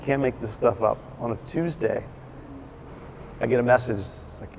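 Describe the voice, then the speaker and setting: A man tells a long story in a casual chat, bringing each character in it to life with quick quoted lines and lively restarts. He is recorded in his brewery, where a faint hum of the room stays underneath his voice. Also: medium pitch, creaky. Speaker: brewery owner, guest.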